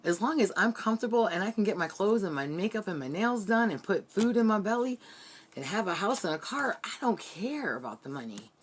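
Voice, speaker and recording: A woman's voice: mid-range voice, big pitch swings, brisk, husky. A woman giving an earnest, heartfelt motivational team training from her bedroom. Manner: earnest, heartfelt, repetitive pep-talk.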